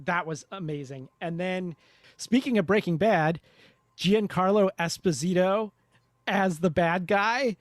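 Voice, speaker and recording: A man's voice: high voice, unhurried, no echo, clean studio sound. A man co-hosting a casual review podcast, talking in a wry, joking manner. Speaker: podcast co-host.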